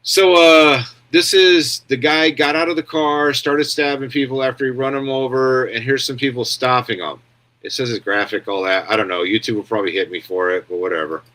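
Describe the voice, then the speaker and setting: A man's voice: medium pitch, steady tone, a little fast, bright, forceful tone. A man hosts a casual news commentary stream in a loose, rambling way. He is blunt and offhand, and he answers viewer comments as he talks. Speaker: commentary show host.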